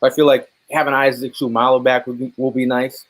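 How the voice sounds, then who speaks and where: A man's voice: medium pitch, level tone, fairly quick, fairly bright tone, low-quality recording. A man hosting a casual live sports chat, laid-back and joking. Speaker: podcast host.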